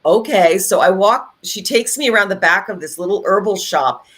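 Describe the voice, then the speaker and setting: A middle-aged woman co-hosting a podcast, chatting in an animated way with many fillers and restarts. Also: mid-range voice, normal speed. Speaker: podcast co-host. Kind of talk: casual conversational podcast chat.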